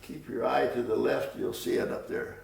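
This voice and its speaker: A man's voice: mid-range voice, steady tone, moderate pace, creaky, a little mellow. An older man reminiscing in an oral history interview, rambling and chuckling as he tells stories. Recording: roomy room, distant mic.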